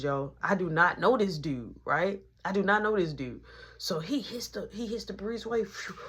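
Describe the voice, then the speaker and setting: A woman telling a story in a casual storytime monologue, animated and full of sound effects. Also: husky. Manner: animated, punctuates with sound effects like boom and boop.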